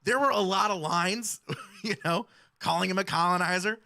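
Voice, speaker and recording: Bright, dry-voiced male hip-hop commentator. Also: sits high, normal speed, vocal fry, no echo. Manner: earnest, explanatory, quotes lyrics. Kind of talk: analytical commentary.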